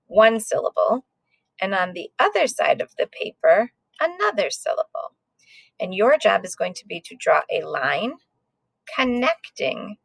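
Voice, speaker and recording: Slow, patient woman teaching phonics. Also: on the low side, gravelly, no room sound. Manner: slow, patient, sounding out letters. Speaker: second grade teacher. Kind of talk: recorded phonics lesson.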